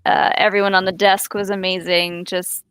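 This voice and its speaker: A young woman chatting enthusiastically on a podcast panel, her voice bright and crisp. The sound is dry and close, with no room around it. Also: medium pitch, little pitch movement, dry recording. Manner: enthusiastic, slightly halting. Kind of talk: casual chat.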